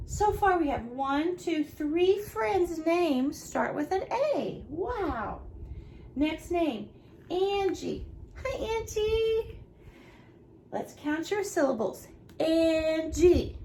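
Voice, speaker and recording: A woman teaches young children in a remote lesson from home, her voice high with a gravelly edge. She speaks slowly and cheerfully, the way a preschool teacher talks to little ones. A faint hiss sits under her voice. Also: a little mellow. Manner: slow, cheerful, talking to children.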